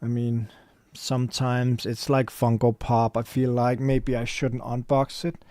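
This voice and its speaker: A man chatting casually on a livestream, rambling and thinking aloud as he reads viewers' messages. His voice is middle-pitched and sits close and dry, with no room around it. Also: little pitch movement, measured pace, a little mellow, dry recording. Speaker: store owner livestreaming.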